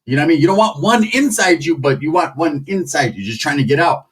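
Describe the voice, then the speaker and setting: A man telling a crude, slang-filled comedic story in an animated way. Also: a little high, quick pace, husky, far from the mic.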